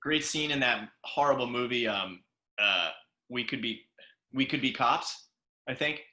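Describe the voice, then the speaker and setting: Male podcast co-host, lively storyteller, bright tone, lots of laughter, echoey room. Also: mid-range voice, unhurried. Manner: animated, laughs often, acts out quoted lines. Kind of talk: casual anecdote telling. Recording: roomy echo.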